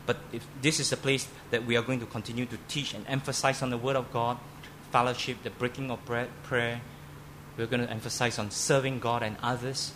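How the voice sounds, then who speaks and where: A man's voice: medium pitch, level tone, brisk, noisy background. A man preaching a sermon as pastor in a church, emphatic, often repeating and restarting words.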